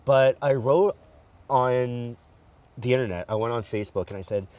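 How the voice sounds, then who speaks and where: Walking outside at night, this man shares his story as a guest, candid and animated, acting out quotes. His voice is mid-range and moderately paced. Faint outdoor noise comes through a distant mic.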